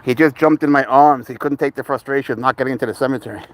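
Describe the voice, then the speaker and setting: A man's voice: mid-range voice, very fast. A man walking his cat outdoors, chatting casually to the camera and talking to the cat like a buddy. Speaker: pet vlogger. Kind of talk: casual vlog talk to camera and pet. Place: outdoors, walking near a cemetery.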